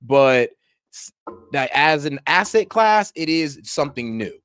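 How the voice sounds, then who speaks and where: A man's voice: fairly high pitch, very animated, a little slow, a bit bright, smooth, no room sound, studio quality. A man co-hosting a reaction show, talking in casual, slangy, emphatic chat. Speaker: co-host reacting to a video.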